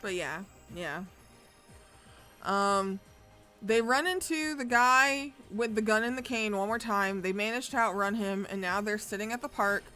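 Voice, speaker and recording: A woman streamer talks through a recap in a loose, rambling way, cursing often and stopping for fillers. Her voice sits at an ordinary middle pitch, with faint music underneath. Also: measured pace, pushed and bright. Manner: profane, chatty, rambling with fillers. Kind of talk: casual story recap.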